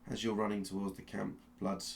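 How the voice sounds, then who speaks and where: Game master, male, deep and gravelly, slow suspenseful narration with restarts. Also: monotone, a little hiss or hum. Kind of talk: dramatic second-person narration of a tabletop game.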